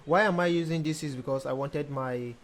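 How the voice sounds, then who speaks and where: A young man, a music producer casually talking through a tutorial step by step, pausing often with ums. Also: a little high, slight background noise. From Nigeria. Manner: relaxed, hesitant with frequent ums, explains step by step. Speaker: music producer teaching mixing. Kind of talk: casual screen-recorded tutorial.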